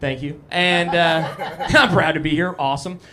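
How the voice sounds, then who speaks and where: A young man does stand-up on a small cafe stage, his voice sitting fairly high for a man. He talks loosely and casually, riffing with the crowd and poking fun at himself into a handheld mic. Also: moderate pace, pushed and bright. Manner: casual, self-deprecating banter with the crowd. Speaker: stand-up comedian. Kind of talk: live stand-up set. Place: live comedy cafe stage.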